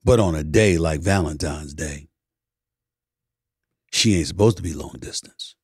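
Emphatic animated man hosting a podcast. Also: vocal fry, breathy edge, dry recording, clean studio sound. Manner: emphatic, swings from loud preaching to low murmurs; sings snatches of old soul songs. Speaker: podcast host. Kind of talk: casual monologue.

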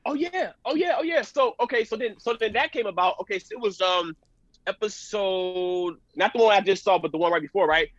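A high, quick male voice rattles off loose, slangy stories as a podcast guest. The sound is dry and close, with little room in it. The highs are dulled, so the tone comes across a bit muffled. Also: no echo. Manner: animated storyteller, slangy, says "you know what I'm saying" a lot. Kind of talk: casual podcast chat.

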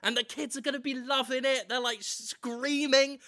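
A man riffing in improvised comedy banter, loud and excitable, breaking into shouted bits. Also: very high voice, moderate pace.

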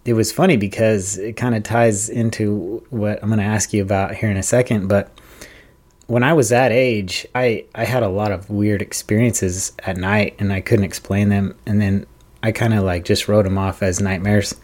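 A man with a fairly low voice hosts an interview podcast. He talks in a relaxed, rambling way, with fillers and restarts, before turning a question to his guest. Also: moderate pace. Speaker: podcast host. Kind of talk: casual interview chat.

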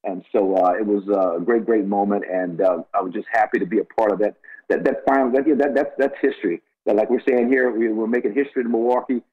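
Husky older man rambling on the radio. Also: fairly low pitch, steady tone, fast talker. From Los Angeles. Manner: rambling, with frequent repeated words and restarts. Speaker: guest, former college basketball player. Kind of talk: casual radio interview storytelling. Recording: dull lo-fi radio audio.

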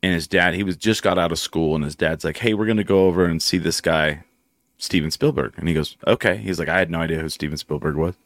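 A middle-aged man hosting a casual talk show, telling animated anecdotes and swearing freely. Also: low voice, quick pace, dry recording, studio quality. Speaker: podcast host. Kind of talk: casual chat, storytelling.

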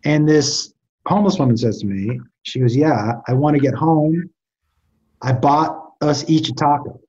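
On a muffled recording, this podcast guest speaks at a measured pace in a fairly high, darkish-toned voice. His casual storytelling is lively, full of stammers and frequent restarts.

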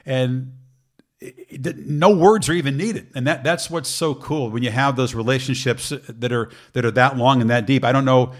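A man's voice: mid-range voice, moderate pace. A middle-aged man, a sports broadcaster, chatting casually and telling a funny story with laughter. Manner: animated, laughs while telling stories.

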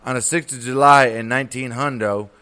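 A man's voice: medium pitch, steady tone, a little fast, bright, forceful tone, smooth. A man co-hosting a history podcast, rambling and swearing as he acts out imagined scenes. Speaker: podcast co-host. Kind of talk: casual history podcast banter.

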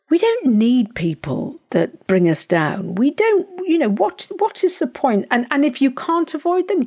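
A woman hosting a podcast, talking casually and giving advice, with many fillers and restarts and sudden lively jumps in pitch. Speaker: podcast host.

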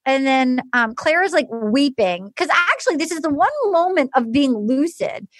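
A woman's voice: high voice, normal speed. A woman recapping a reality show in casual chat, acting out what people said in shifting voices and saying "like" a lot. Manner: animated, acts out quotes in shifting voices; heavy use of "like" and restarts.

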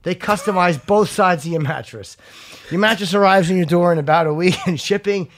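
Rambling, profane talk-show host. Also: male voice, sits high, fairly quick. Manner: rambling, profane, restarts often. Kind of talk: casual chat and live ad read.

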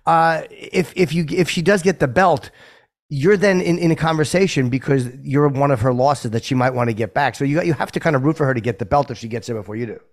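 A man's voice: on the high side, brisk. A man co-hosting an interview show, asking curious, rambling questions. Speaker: co-host. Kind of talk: casual interview chat.

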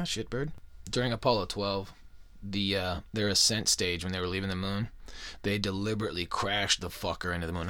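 A young man with a lowish voice rants into a dry, close microphone as a podcast host. He swears constantly, mocks the listener with crude jokes, and talks in a loose, profane monologue style. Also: sharp tone, dry recording. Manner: crude, swearing constantly, mocking, jokey asides.

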